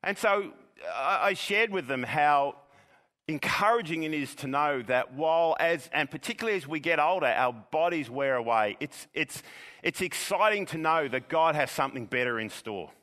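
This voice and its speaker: A man preaching a sermon in an earnest, measured way, sometimes repeating words as he goes. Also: a little high, animated, sharp tone, in a large hall. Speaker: pastor.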